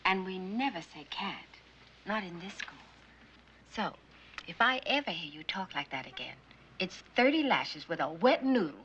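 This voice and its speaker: An actress playing a firm, devoted schoolteacher who patiently encourages struggling children. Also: female voice, medium pitch, measured pace, pauses often, bright, forceful tone, slight background noise. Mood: gently firm. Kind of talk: film drama acting. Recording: slightly dull film soundtrack.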